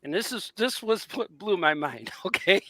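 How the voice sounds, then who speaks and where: A man on a podcast telling a long story with animated energy, acting out both sides of a conversation. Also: sits high, moderate pace, dry recording. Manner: animated storyteller, acts out quoted dialogue. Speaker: podcast host. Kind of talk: casual chat, storytelling.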